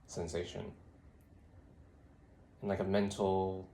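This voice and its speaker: A man's voice: sits low, flat delivery, slow, warm tone. A young man vlogging, congested and throaty, musing aloud in a meandering way full of fillers. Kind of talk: rambling reflective vlog. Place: lying on his side, later standing. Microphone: phone.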